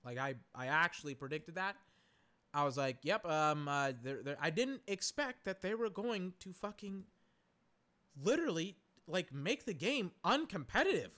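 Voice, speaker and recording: Young male podcast host, high and bright, rambling and exasperated, fillers and cursing. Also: very animated, moderate pace. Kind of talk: casual live game commentary. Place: home, in a recliner.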